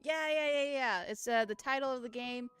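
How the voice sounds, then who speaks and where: A woman gaming streamer doing chatty, excitable commentary, often laughing. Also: high voice, normal speed, clear, resonant tone, soft background music. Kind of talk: live game commentary.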